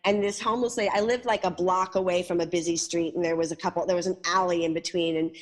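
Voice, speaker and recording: A woman's voice: on the low side, fast talker. A woman in her forties on a talk radio show, telling a personal story and acting out the quoted lines. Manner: animated storyteller who acts out quoted lines.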